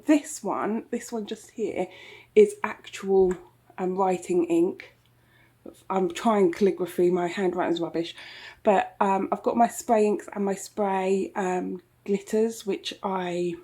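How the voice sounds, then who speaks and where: A woman's voice: mid-range voice, warm tone, slightly rough. A woman chatting casually through a tour of her home craft room, rambling with lots of ums and little laughs. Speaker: craft vlogger. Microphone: handheld camera.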